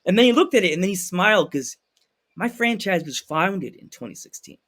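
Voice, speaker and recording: A man hosting a podcast, telling a story in a lively, animated way and acting out the people in it. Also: high-pitched, brisk. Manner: animated, acts out voices in anecdotes. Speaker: podcast host. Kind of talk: casual storytelling chat.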